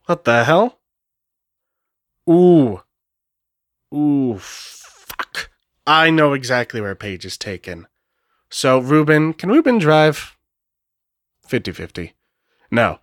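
A man's voice: on the high side, very animated, slow pace, long pauses, no room sound, studio quality. A man narrating a solo tabletop role-playing game, thinking aloud in a casual way and swearing now and then. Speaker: game master.

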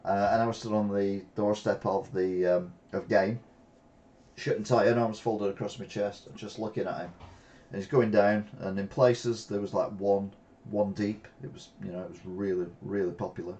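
A man's voice: lowish voice, level tone, moderate pace, warm tone, highs cut off. A man hosting a live weekly news show, reading headlines aloud and adding casual, chatty asides. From Britain. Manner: reads headlines then riffs with asides.

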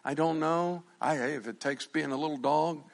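A middle-aged male pastor preaching a sermon, animated, swinging from shouted lines to quiet asides and joking with the congregation. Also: fairly high pitch, moderate pace, creaky. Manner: jokes with the congregation.

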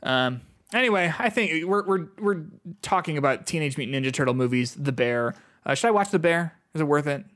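A man's voice: fairly high pitch, expressive, brisk, fairly bright tone. A man co-hosting a casual gaming podcast, chatting with frequent ums and restarts. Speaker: podcast co-host. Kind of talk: casual chat.

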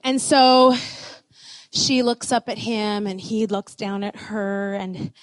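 A woman telling a love story to an audience, animated and playful, often dropping into asides. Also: mid-range voice, slow, no echo. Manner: animated, expressive, playful, with many "like" fillers. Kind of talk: storytelling talk.

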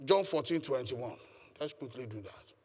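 Male pastor, sermon, emphatic, lively swooping pitch, long church reverb. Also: normal speed, breathy edge. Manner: emphatic preaching, calls for congregation responses. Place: church hall.

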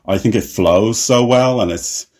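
A deep-voiced man hosts a relaxed interview, asking a filmmaker about his work. His phrasing is loose and chatty, studded with "like". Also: unhurried. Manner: conversational, heavy use of "like". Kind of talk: casual interview chat.

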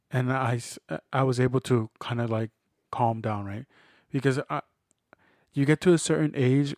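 A man in his thirties talks through his faith in an earnest, reflective way. His voice sits at an ordinary middle pitch. The sound is dry and close, with no room around it. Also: no echo. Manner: reflective, earnest, retells conversations in quoted voices. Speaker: podcast co-host. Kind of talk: casual faith conversation.

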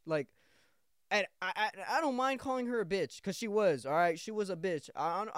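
Young male podcast host, rambling profane rant, smooth clear voice, dry sound. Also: sits high, no room sound.

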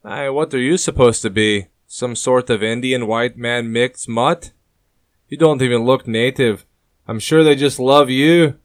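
A man's voice: mid-range voice, normal speed, no room sound, clean studio sound, voice pushed up, lightly acted. A man voicing a disdainful middle-aged Englishman with an English accent, crude and scoffing, in an audiobook. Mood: scornful.

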